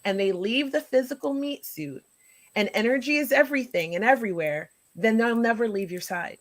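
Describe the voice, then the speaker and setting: A woman's voice: on the high side, lively intonation, moderate pace. Woman hosting a live talk show, kinda rambly, restarts her sentences a lot. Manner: rambling, thinking aloud. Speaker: host.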